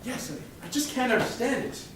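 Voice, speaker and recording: An actor on stage playing an earnest, smitten young groom who pleads in a bright, crooning manner. Heard from a distance in an echoey hall with music. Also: male voice, very high voice, lively intonation, fairly quick, slight background noise. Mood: pleading.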